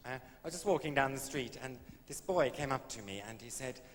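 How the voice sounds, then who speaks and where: A man's voice: medium pitch, animated, brisk. Camp man telling stage stories. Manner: arch, camp, drily innuendo-laden. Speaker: stand-up comedian. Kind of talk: camp stand-up storytelling. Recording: echoey old live stage recording with faint hiss.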